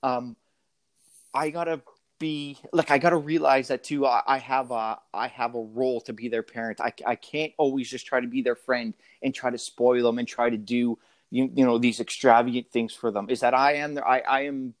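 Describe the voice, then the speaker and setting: A man's voice: mid-range voice, steady tone, moderate pace, dry recording. A man in his thirties, a father talking in a casual interview, hesitant and full of fillers and restarts.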